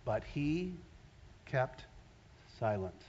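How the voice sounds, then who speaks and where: A man preaching a sermon as a pastor, animated, swinging between loud exclamations and hushed asides. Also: mid-range voice, drawn-out words, highs cut off, a little hiss or hum.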